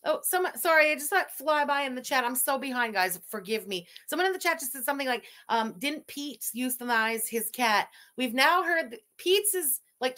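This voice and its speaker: A blunt woman hosts a livestream with sarcastic commentary. Her voice sits a little higher than most, and her delivery is direct and dry. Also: a bit bright. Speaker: livestream host.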